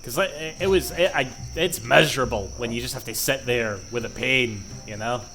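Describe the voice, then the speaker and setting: A man with a Scottish accent chats through a game stream in a loose, rambling way, swearing often. His voice is bright and forceful, at an ordinary pitch for a man. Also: moderate pace, a little hiss or hum. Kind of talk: casual gaming commentary.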